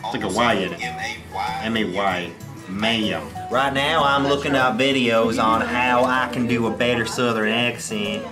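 A man's voice: mid-range voice, fairly even intonation, a little slow, over music, lightly acted. A man putting on an exaggerated Southern drawl for a comedy bit.

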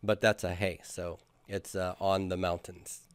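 A man's voice: deep voice, level tone, unhurried, clean tone, no room sound. A man teaching a class, patiently drilling students and having them repeat after him. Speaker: Hebrew grammar teacher. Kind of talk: classroom lecture with questions.

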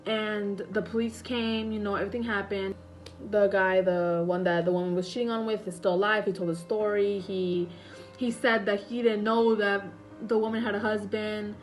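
A woman's voice: mid-range voice, steady tone, normal speed, faint music behind, rough recording. A young woman casually retelling a story to her viewers, rambling and correcting herself with many fillers. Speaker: vlogger.

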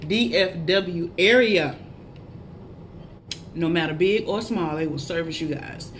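A woman's voice: fairly low pitch, slow, slight background noise. Chatty woman eating on camera. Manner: chatty, chewing and humming between bites; laughs at herself, animated shout-outs to viewers. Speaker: mukbang vlogger. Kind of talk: casual eating vlog chat.

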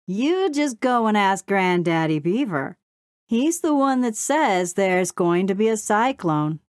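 A woman's voice: mid-range voice, very animated, slow, dry recording, clean studio sound, voice pushed up. A woman voicing a lazy, teasing male beaver in a storybook reading.

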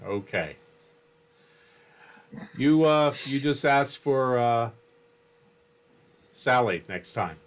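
A man's voice: medium pitch, animated, extremely slow, long pauses. A man voicing an older woman in a business suit, speaking suggestively and coaxingly in a tabletop game.

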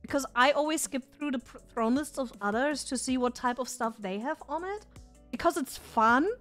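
A woman with a high, light voice chats loosely with her live audience. She is excitable and drops swear words freely, and soft music plays faintly underneath. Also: normal speed. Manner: chatty and excitable, swears casually. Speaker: streamer. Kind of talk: casual live-stream chat with viewers.

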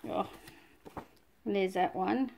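A woman's voice: mid-range voice, slow pace, darkish tone, a little hiss or hum. Aussie lady crafter gushing over her scrapbook unboxing, lots of oohs, casual chat. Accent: Australian. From Australia. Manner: gushing, breathy exclamations of delight. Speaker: scrapbooking vlogger.

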